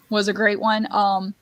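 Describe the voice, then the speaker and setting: A woman's voice: medium pitch, poor audio. A woman hosting a casual book club podcast, talking animatedly and quoting movie lines.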